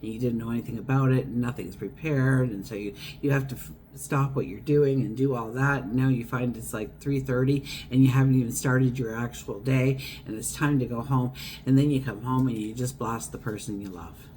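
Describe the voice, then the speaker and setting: A woman's voice: extremely low pitch, fairly even intonation, brisk, dark tone, a little hiss or hum. A woman giving a casual tarot horoscope reading, chatty and wandering, acting out everyday scenes as she talks. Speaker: tarot reader.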